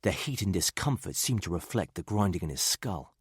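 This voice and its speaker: A man reading a thriller audiobook in a measured, even way. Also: low voice, husky, no echo, studio quality. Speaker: audiobook narrator. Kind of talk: scripted thriller narration.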